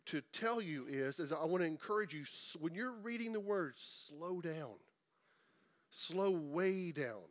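A middle-aged man preaching a sermon in a conversational way, repeating words and slowing down for emphasis. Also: fairly high pitch. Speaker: pastor.

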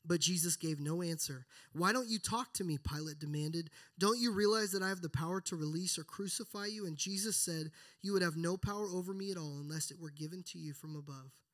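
A man with a slightly higher voice preaches earnestly. He reads scripture passages aloud with feeling, leaning into the words and then easing back to a hushed, reverent tone. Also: a little fast, hardly any pauses. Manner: earnest, builds then drops to hushed prayer. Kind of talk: sermon with scripture reading.

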